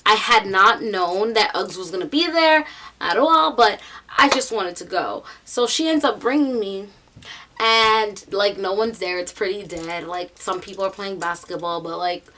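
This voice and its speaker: A young adult woman from the United States, a vlogger with a New York accent, tells a story casually in a medium-pitched, unhurried voice. She's chatty and animated, voicing the people in it and using lots of "like" and "um."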